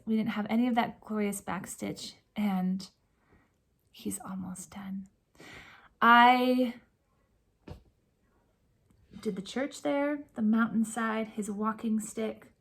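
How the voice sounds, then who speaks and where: A woman hosting a cross-stitch vlog, chatting warmly and emotionally to camera from home, with soft whispered asides. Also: a little high. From California. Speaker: Flosstube host. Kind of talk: casual chat to camera.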